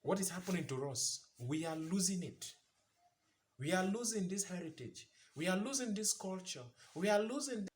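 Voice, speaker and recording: A man's voice: sits high, animated, normal speed. A man giving an impassioned commentary monologue, asking rhetorical questions and repeating phrases for emphasis. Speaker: vlogger.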